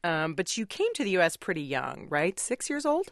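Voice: medium pitch, wildly swooping pitch, moderate pace, no echo. Conversational radio host, dry studio sound. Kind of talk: radio interview.

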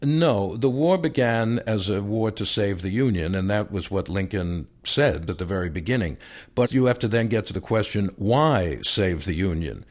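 A man with a fairly low voice answers questions as a historian guest in a radio interview. He explains in a measured, unhurried way and now and then lets out a light laugh. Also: expressive. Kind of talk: radio interview, then reading a speech aloud.

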